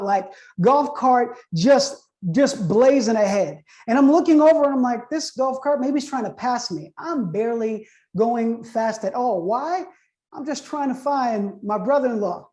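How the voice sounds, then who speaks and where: A man's voice: very high voice, a little mellow. A man in his thirties telling a personal story to an online audience in a conversational way, building suspense with questions to his listeners.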